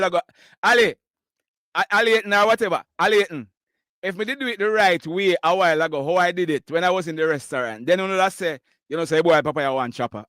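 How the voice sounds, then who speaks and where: A man's voice: high-pitched, a bit bright, no echo, clean studio sound. A Jamaican man hosting a live call-in news show, chatting in a mix of patois and English and laughing often. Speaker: live news show host taking callers. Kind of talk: casual call-in chat.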